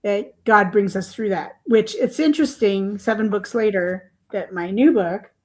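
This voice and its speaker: An older woman author tells her story as a podcast guest. She rambles along in a chatty way, full of fillers and soft laughs. Her voice sits at an ordinary middle pitch. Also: measured pace.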